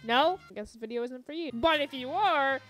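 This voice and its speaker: A woman doing comedic YouTube commentary, jokey and sarcastic, jumping between loud asides and quiet ones. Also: high-pitched, brisk, soft background music, poor audio.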